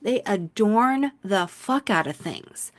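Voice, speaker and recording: A woman's voice: medium pitch, animated, slow pace, no echo. Frank, profane woman podcast co-host. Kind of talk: casual podcast chat.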